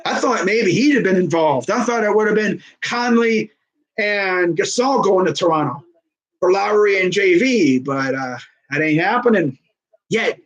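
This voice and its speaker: Excitable young man streaming sports. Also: high-pitched, measured pace, poor audio. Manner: excitable, rambling, laughs often. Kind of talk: casual livestream sports commentary.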